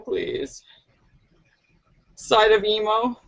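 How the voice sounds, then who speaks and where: Giggly woman reading jokes on a live stream, slow and bright, kinda dull lo-fi sound. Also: a little high, animated. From United States. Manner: giggly, laughs at her own jokes. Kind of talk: casual live-stream chat.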